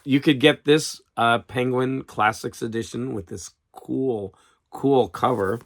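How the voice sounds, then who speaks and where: Man, casual book vlogger, rambles and restarts, coughs now and then, mid-pitched, dry close sound. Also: fairly even intonation, no room sound. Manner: rambling, halting, with many restarts and fillers.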